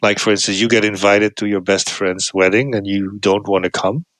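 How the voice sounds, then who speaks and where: A man talking as a podcast guest, explaining his research in a lively way, with frequent restarts and raised pitch when he acts out examples. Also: normal speed, no room sound. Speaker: podcast guest, cognitive scientist. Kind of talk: explanatory interview talk.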